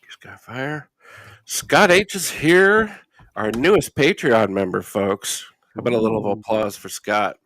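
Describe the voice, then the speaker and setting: A man's voice: fairly low pitch, a little slow, a bit bright, no room sound. A man hosting a live stream from a studio, joking with co-hosts and greeting the chat by name. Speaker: host. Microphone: studio mic.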